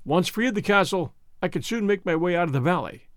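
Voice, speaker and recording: Brigand: rough, distrustful prisoner, storybook reading by a male narrator, lively pitch. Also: quick pace, no room sound, studio quality. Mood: gruff. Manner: eager and distrustful.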